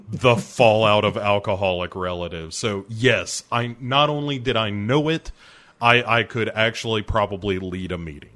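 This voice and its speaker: Lower-voiced man who keeps laughing. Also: sharp tone. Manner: laughs often while talking. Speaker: podcast co-host. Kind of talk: casual movie-review chat.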